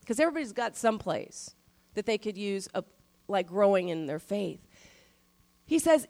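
A middle-aged woman pastor giving a sermon in a conversational style, stressing key phrases slowly. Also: high voice, animated, gravelly.

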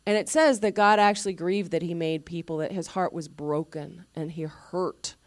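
A woman pastor preaching a sermon in a conversational, animated way, often restarting and adding asides. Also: on the low side, normal speed, no room sound.

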